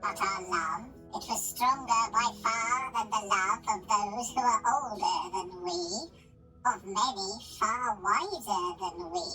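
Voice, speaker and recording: Squeaky chipmunk voice reciting poetry all slow and melodramatic, sounds far off with loud music behind. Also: male voice, exaggerated voice. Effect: chipmunk pitch-shift filter. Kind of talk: dramatic poetry reading. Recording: distant voice over loud music.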